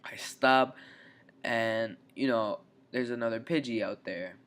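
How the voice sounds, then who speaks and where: Young man, casual storyteller, rambling, lots of fillers, mid-pitched voice. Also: slow, fairly bright tone. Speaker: vlogger.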